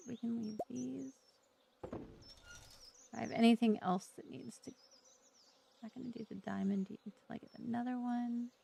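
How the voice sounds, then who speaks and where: A woman's voice: fairly high pitch, fairly even intonation, moderate pace, gravelly, long pauses, mellow, slight background noise. A woman hosting a let's play, giving casual gameplay commentary with chatty, joking asides to viewers.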